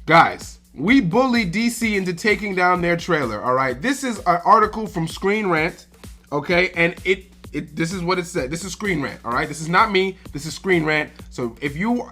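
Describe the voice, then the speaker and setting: Guy ranting on his reaction channel, swears a lot, keeps saying all right?, bright tone. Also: sits high, lively intonation, moderate pace, soft background music. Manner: emphatic, profane, repeats "all right?". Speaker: host of a movie reaction channel. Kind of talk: ranting casual commentary.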